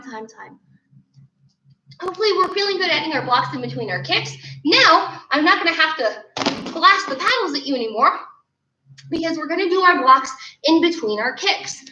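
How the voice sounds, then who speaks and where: A woman's voice: high-pitched, slight background noise. A young woman teaching an online kids' martial arts class, energetically calling out drill commands. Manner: energetic, calls out drill commands with bursts of laughter. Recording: roomy, distant, dull sound.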